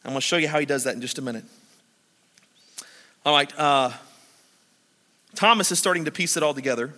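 A man preaching a sermon. He reads scripture and acts out the disciples and Martha in animated paraphrase. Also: on the high side, brisk. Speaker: pastor. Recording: long hall reverb.

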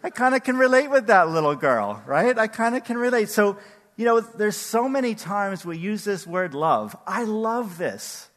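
Older male pastor, chatty and animated, bright high voice in a reverberant hall. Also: normal speed. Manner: animated, conversational, asks the audience questions. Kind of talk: sermon.

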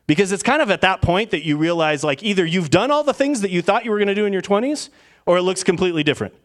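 A man, a pastor, preaching a sermon in an animated way, acting out everyday voices to make his points. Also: high-pitched, quick pace.

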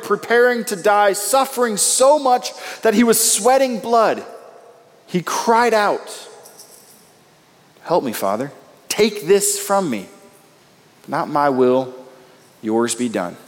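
Male pastor in his thirties, higher-pitched, emphatic preaching with swings in pitch, recorded in a reverberant hall. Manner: emphatic, rising and falling delivery. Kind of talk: sermon.

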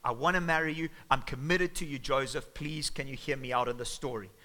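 A man's voice: medium pitch, a little fast, sharp tone, natural voice. A man voicing a young woman who pleads earnestly to be believed, in a sermon retelling. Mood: pleading.

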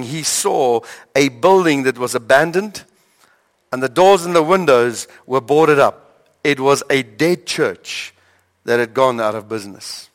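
A male pastor preaching a sermon, telling stories with dramatic pauses and stammered repeats. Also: on the high side, a bit bright. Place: church hall. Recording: long hall reverb.

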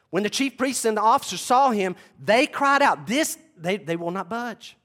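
A man's voice: high-pitched, expressive, normal speed, few pauses, fairly bright tone. A man preaching a sermon, retelling scenes dramatically and acting out the voices of the people in them. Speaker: pastor.

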